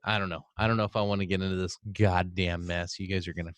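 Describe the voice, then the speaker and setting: A man's voice: low-pitched, little pitch movement, fast talker, smooth, no echo. A man co-hosting a casual political podcast, talking in a heated, profane rant. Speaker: podcast co-host.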